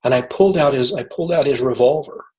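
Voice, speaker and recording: A man, a guest author, telling a personal story in conversation, halting and repeating words as he gets emotional. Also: medium pitch, a little mellow, poor audio.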